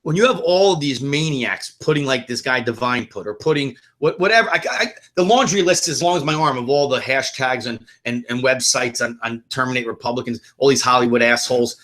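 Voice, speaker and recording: A man's voice: mid-range voice, a little fast, hardly any pauses, fairly bright tone. A man co-hosting a political podcast, ranting bluntly and swearing often in casual talk. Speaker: podcast co-host.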